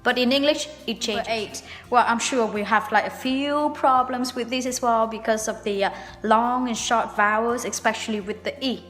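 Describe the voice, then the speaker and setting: A young Vietnamese woman whose first language is Vietnamese hosts a relaxed English pronunciation lesson on her channel, speaking in a fairly high voice. She explains things patiently and slows down to repeat example words. The room is reverberant, with a long echo and faint background music.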